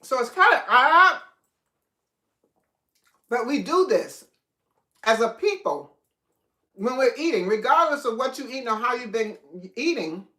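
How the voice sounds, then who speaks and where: A woman's voice: a little high, lively intonation, moderate pace. A woman hosting a casual livestream while she eats, chatting freely and reading out viewers' comments with frequent laughs. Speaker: livestream host. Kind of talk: casual live chat while eating. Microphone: no microphone, device in room. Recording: echoey room, no mic.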